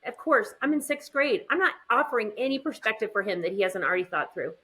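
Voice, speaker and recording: A middle-aged woman, a guest in a casual chat, telling lively stories and acting out what people say. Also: on the high side, fast. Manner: lively storyteller, does voices in quotes.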